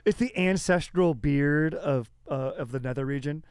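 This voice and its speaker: A man's voice: on the high side, moderate pace, smooth. A man co-hosting a podcast in casual chat, laid-back and laughing, often saying dude. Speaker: podcast co-host.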